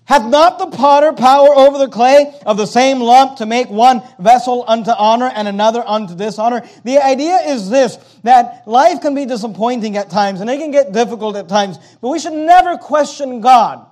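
A man preaching a sermon, reading King James scripture aloud and acting out the complaints of the people in animated voices. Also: extremely high pitch, moderate pace. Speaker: pastor.

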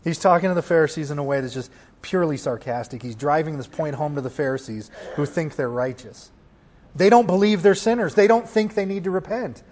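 A man preaching a sermon, swinging from hushed lines to loud ones and putting rhetorical questions to the congregation. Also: a little high, fairly quick. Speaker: pastor.

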